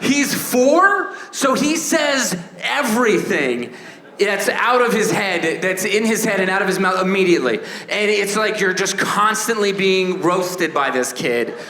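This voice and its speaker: A man in his thirties doing a stand-up comedy set, animated, acting out voices and shouting punchlines. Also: high-pitched, measured pace, roomy sound. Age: 30s. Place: stage before a laughing audience.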